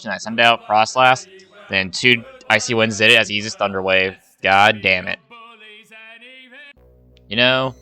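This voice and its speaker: Bright-voiced man narrating his game run. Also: on the low side. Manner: rambling play-by-play, swears, sighs when frustrated. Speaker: gaming YouTuber. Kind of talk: casual game commentary.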